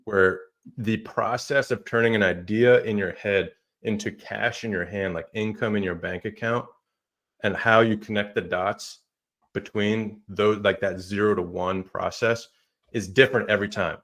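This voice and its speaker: Low-voiced man moderating a live Q&A. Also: steady tone, normal speed, a bit bright. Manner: reads out audience questions, friendly and upbeat. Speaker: moderator and publication founder. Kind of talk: hosting a live online Q&A.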